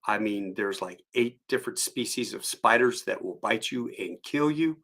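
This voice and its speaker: Low gravelly man telling tall tales. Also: expressive, moderate pace, a bit bright. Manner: rambling anecdotal delivery with chuckles. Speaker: live stream host. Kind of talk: storytelling.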